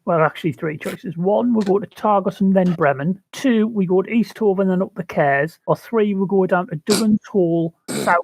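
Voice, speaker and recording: A man's voice: sits high, moderate pace, vocal fry, hardly any pauses, darkish tone, slight background noise, poor audio. A man playing in a tabletop game, jovial and chatty. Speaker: player. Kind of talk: casual tabletop game chat.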